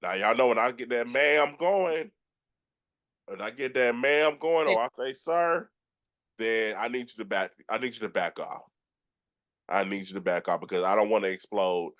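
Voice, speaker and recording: A man from Georgia with a Southern accent, hosting a casual chat and telling animated stories with many restarts. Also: lowish voice, normal speed. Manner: animated storyteller with frequent restarts, acts out quotes. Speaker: podcast host.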